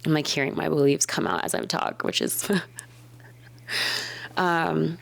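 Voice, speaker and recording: A woman vlogging, talking thoughtfully and softly to camera about her own habits and fears, sometimes dropping to a whisper. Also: low-pitched, sing-song, slow pace, vocal fry. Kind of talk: reflective casual talk to camera. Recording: echoey room with faint background noise.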